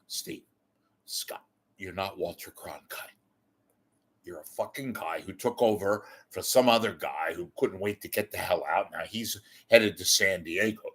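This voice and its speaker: A man's voice: sits low, measured pace, fairly bright tone, breathy edge. A man delivering a ranting commentary, exasperated, sarcastic and blunt, with occasional profanity. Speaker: media commentator.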